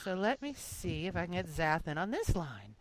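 A woman hosting a podcast, chatty and quick to curse and laugh, just over an illness. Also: on the low side, sing-song, rough recording. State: recovering from illness. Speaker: podcast host. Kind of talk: casual group chat over a call.

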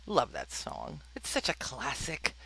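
A woman's voice: extremely low pitch, huge pitch swings, measured pace, vocal fry, sharp tone, breathy edge. A woman co-hosting a casual gaming podcast, playfully grumbling and laughing often. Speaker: podcast co-host.

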